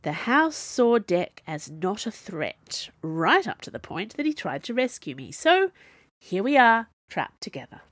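A woman's voice: medium pitch, very animated, unhurried, no room sound, clean studio sound. A woman reading an audiobook in a wry, conversational narrating voice. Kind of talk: scripted narration.

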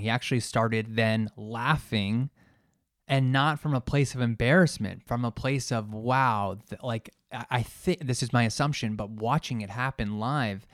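A man's voice: fairly low pitch, no echo, clean studio sound. A man hosting a solo podcast, talking in an earnest, thoughtful way as he searches for his words. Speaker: podcast host and coach. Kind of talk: solo reflective podcast talk.

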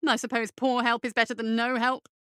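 A man's voice: very high-pitched, little pitch movement, brisk, pushed and bright, smooth, dry recording, studio quality. A woman voicing a thin, cowardly, foppish male bureaucrat in an audiobook, whiny, pompous and fussy. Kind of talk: audiobook character voice.

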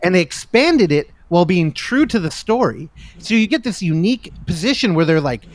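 A man's voice: sits high, sing-song, fairly quick. A man from the San Francisco Bay Area co-hosting a casual film podcast, ranting and swearing freely. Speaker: podcast co-host.

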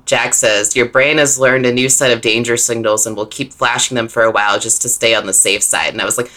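A woman co-hosting a podcast, talking through a story in an enthusiastic, rambling way with quick restarts. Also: a bass voice, steady tone, pushed and bright. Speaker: podcast co-host. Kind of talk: casual book-club chat.

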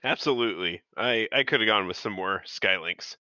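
A man's voice: on the low side, normal speed, bright, forceful tone, no echo, lo-fi sound. A man co-hosting a podcast in casual chat, enthusiastic and laughing often. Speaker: podcast co-host.

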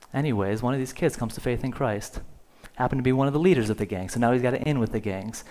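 A man's voice: medium pitch, fast, hardly any pauses. A male pastor telling a story in a sermon. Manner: storytelling, rising in volume for dramatic moments. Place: church sanctuary.

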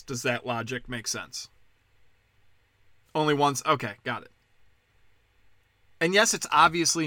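A man's voice: a little high, fairly bright tone, no echo, clean studio sound. A man ranting in a casual monologue, sarcastic and profane, slipping into mocking impressions.

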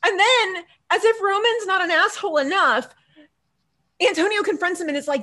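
A very high-pitched woman's voice at normal speed belongs to a podcast co-host recapping a TV episode. She keeps it casual and animated, voicing the characters' lines with laughter and liberal swearing.

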